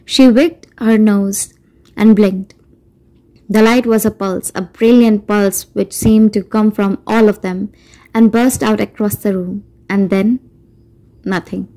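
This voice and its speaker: Woman, audiobook narration, measured storytelling, warm mellow tone. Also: medium pitch, fairly even intonation, rough recording. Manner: measured storytelling, doing character voices. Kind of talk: scripted narration.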